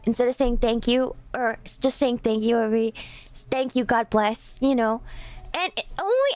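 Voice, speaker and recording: A woman's voice: high voice, no room sound. A woman streamer chatting casually, rambling and chatty, full of "like" and restarts. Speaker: streamer host. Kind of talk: casual livestream chat.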